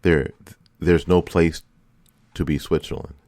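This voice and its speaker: A man's voice: low-pitched, steady tone, measured pace, a little mellow, no echo. A man hosting a political commentary show, delivering an impassioned opinion monologue full of repeated rhetorical lines. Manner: impassioned, repetitive rhetorical questions.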